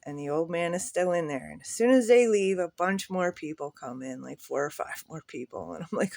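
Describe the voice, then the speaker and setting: A man's voice: fairly high pitch, a little fast, creaky, few pauses, a little mellow, dry recording, clean studio sound. A man who sells at a flea market, telling a story in a candid, rambling way with swearing and nervous laughs. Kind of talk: casual storytelling monologue.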